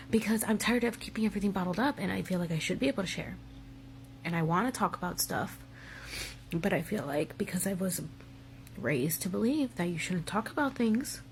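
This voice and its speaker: A woman's voice: lowish voice, slight background noise. Blunt, emotional woman in her thirties. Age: 30s. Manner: emotional, blunt, swears freely. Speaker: vlogger. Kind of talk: candid personal vlog.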